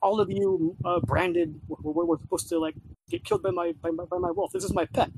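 A man's voice: high voice, animated, brisk, creaky, background noise, voice pushed up. A man voicing a spoiled, cruel young boy who talks in a whiny, indignant way, as he retells a game scene.

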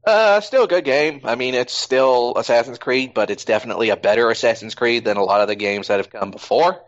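A man's voice: medium pitch, fairly quick, dull audio. A man hosting a podcast in casual chat, rambling with plenty of fillers. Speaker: podcast host.

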